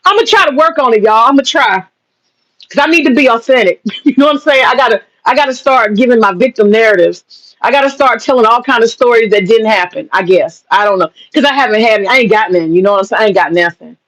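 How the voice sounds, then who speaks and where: A woman's voice: on the high side, lively intonation, fairly bright tone, poor audio. Sarcastic, laughing woman livestreamer. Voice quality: sarcastic, profane, laughs often. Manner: casual slangy talk, drawn-out mock pleading. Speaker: livestream host and businesswoman. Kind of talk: livestream chat reading comments.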